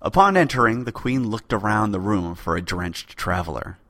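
A man narrates an old legend in a dramatic read-aloud style. His voice sits low but sounds bright and crisp, recorded close and dry with no room echo. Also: lively intonation, moderate pace. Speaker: podcast host narrator. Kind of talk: storytelling narration.

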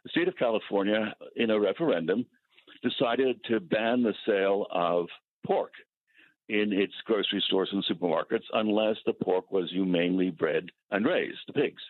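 Husky man explaining law over a phone line. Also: fairly low pitch, dry recording. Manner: measured, lecturing. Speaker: legal scholar guest. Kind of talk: explanatory interview answer. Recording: phone-line interview audio.

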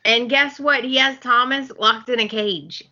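A woman's voice: fairly high pitch, steady tone, a little slow, sharp tone, dull audio. A woman co-hosting a casual podcast, retelling soap opera scenes and acting out the characters' lines. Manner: storytelling, acts out characters' lines. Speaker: podcast co-host.

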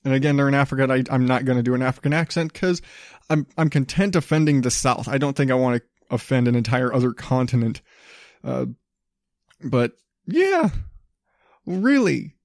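A man's voice: a little high, a little mellow, no room sound, studio quality. A man hosting a podcast, ranting in a blunt, profane, casual way. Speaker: podcast host.

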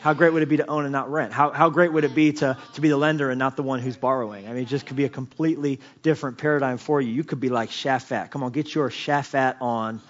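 A man preaching a sermon as pastor, telling the story with lively asides, jokes and many restarts. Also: mid-range voice, quick pace, few pauses, lo-fi sound. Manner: animated storytelling, swings from quiet asides to loud emphasis; many restarts and repeated words, jokes and chuckles.

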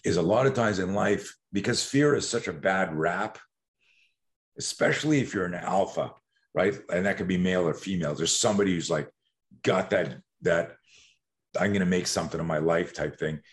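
A man from Canada, a guest who coaches people on fear, telling stories in a rambling, profane way with many restarts. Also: sits low. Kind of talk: casual interview storytelling.

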